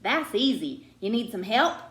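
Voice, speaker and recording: Woman doing an eager Arkansas farm boy, drawl, loud and high, roomy echo. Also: big pitch swings, normal speed. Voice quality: drawling country talk, eager and bold. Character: country boy from Arkansas, chatty and friendly.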